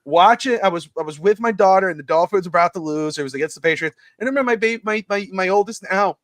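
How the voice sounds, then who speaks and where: A middle-aged man hosting a casual live sports talk show, rambling and excitable and laughing often as he talks. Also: high voice, fast, no room sound.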